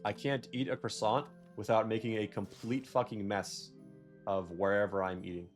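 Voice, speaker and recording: A man's voice: on the low side, fairly even intonation, normal speed, soft background music. A young man giving casual, rambling gameplay commentary, correcting himself and drifting into jokey rants. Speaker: gaming video creator.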